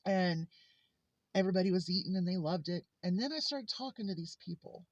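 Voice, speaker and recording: In a casual monologue, a woman vlogger tells personal stories earnestly and from the heart, speaking briskly and expressively in a fairly low voice. The slightly muffled lo-fi recording has no room sound.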